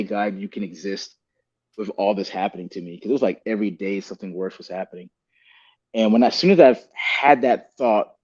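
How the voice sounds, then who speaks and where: A man's voice: medium pitch, darkish tone, muffled recording. A man speaking as a podcast guest, earnest and rambling, often calling the host "man" and "bro". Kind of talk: candid podcast conversation.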